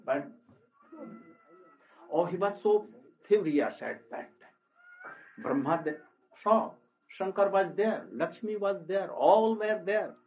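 Slow, high-voiced man telling a sacred story. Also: expressive. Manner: halting, exclamatory storytelling with frequent "oh". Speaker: spiritual teacher. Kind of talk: storytelling sermon. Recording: dull lo-fi recording.

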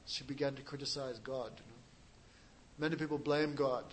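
A man's voice: medium pitch, steady tone, normal speed, rough recording. A man preaching a sermon, telling a story with dramatic, emotional delivery and acting out the quotes. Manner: laughs at his own jokes.

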